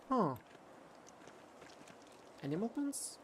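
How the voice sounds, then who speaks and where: A streamer playing a narrative game, reading its text aloud and thinking out loud in a halting, casual way. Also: mid-range voice, a little hiss or hum.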